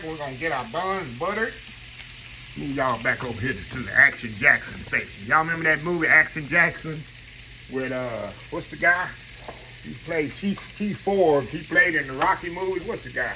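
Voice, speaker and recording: A man's voice: a little high, noisy background. A man who hosts a home cooking vlog, chatting casually and rambling to his viewers while he cooks at his kitchen stove. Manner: chatty, rambling, keeps calling viewers y'all. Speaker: home cook, channel host. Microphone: camera on a tripod. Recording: loud frying sizzle behind the voice. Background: skillet sizzling and frying.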